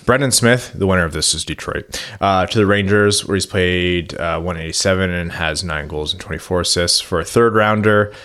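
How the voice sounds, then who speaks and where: Deep-voiced man co-hosting a casual podcast. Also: moderate pace, fairly bright tone. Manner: laid-back, reads listener messages aloud. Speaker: podcast co-host. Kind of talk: casual chat, reading listener questions.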